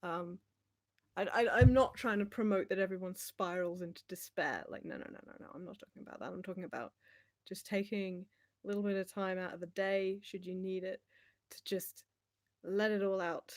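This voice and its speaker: A woman's voice: medium pitch, normal speed. Chatty young woman. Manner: chatty, rambling, laughs often. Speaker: livestream host. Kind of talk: casual livestream chat.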